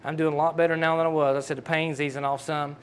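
A middle-aged man with a drawl preaches in a high-pitched voice. He tells homespun stories in a folksy, conversational way and acts out the dialogue as he goes. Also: flat delivery, fast talker, clean tone. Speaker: pastor. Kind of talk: sermon with personal story.

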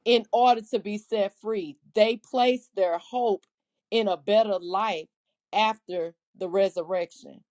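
A woman's voice: medium pitch, a little mellow. A woman co-hosting a casual faith podcast, speaking earnestly, restarting her sentences and quoting scripture aloud. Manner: earnest, talks in halting restarts, quotes scripture. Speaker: podcast co-host.

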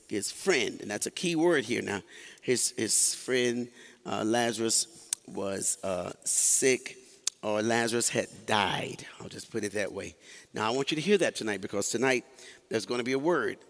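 A male pastor delivers a sermon in a church sanctuary, mixing folksy jokes with call-and-response to the congregation. His voice sits at a middle pitch. A long hall reverb trails behind each phrase. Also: fairly bright tone.

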